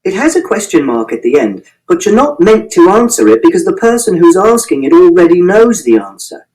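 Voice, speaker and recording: A man's voice: high voice, sing-song, fairly quick, darkish tone, poor audio. A man reading a first-person audiobook in a precise, literal, matter-of-fact way. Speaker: audiobook narrator.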